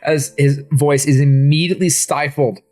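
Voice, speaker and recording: A man's voice: a little high, steady tone, normal speed, a little mellow. A man narrating a tabletop game as game master, with descriptive, dramatic narration.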